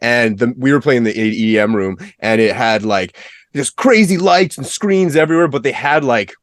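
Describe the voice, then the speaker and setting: A man co-hosting a casual podcast, telling a story in quick, excited bursts. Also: medium pitch, no room sound, clean studio sound. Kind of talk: casual chat.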